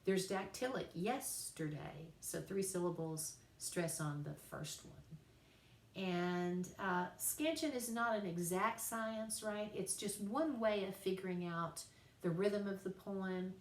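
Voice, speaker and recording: A woman writing teacher giving a recorded class lecture, chatty and playful, slowing down to spell out examples. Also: medium pitch, reverberant, distant mic.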